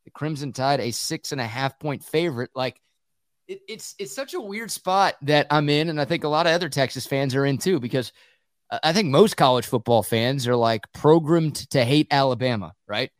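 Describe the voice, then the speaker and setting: A man hosting a sports radio show, talking college football in a quick, conversational way and laughing easily. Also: mid-range voice, expressive, no room sound, studio quality. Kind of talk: casual sports talk and analysis.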